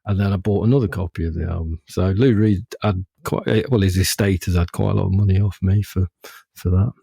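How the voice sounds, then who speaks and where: Man, 50s, low voice, dry close sound, rambling good-humoured podcast chat. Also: fairly even intonation, fairly quick, gravelly, dark tone, breathy edge, dry recording. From Derby, England. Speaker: podcast co-host. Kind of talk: casual chat.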